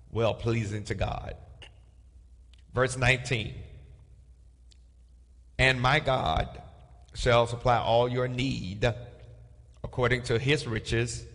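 A man leading a Bible study, reading scripture aloud and pausing to tell listeners which words to underline, circle or highlight. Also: a bit bright, in a large hall.

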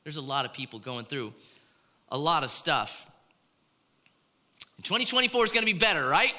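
Bright-voiced pastor in an echoing hall. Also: male voice, on the high side, big pitch swings, normal speed, long pauses. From Florida. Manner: conversational, keeps asking "right?". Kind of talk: sermon. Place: large church hall. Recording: long hall reverb.

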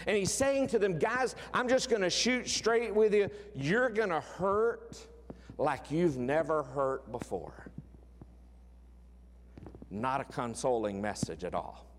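A man preaching a sermon, emphatic, repeating words and dropping from loud declarations to hushed lines. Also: on the high side, big-room sound. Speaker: pastor.

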